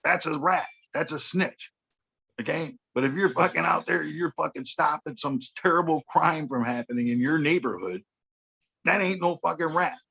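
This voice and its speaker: A man's voice: a little high, normal speed, gravelly, sharp tone, husky, highs cut off. A man, telling a street story on a podcast in a blunt, profane way, often checking in with "okay.". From Chicago. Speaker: podcast guest. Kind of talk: casual storytelling chat.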